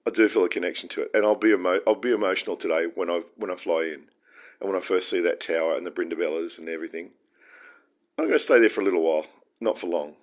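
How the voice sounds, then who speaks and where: A man's voice: sits low, fast. An Australian man hosting his own show, talking through his feelings in an earnest, heartfelt and rambling solo monologue. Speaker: podcast host.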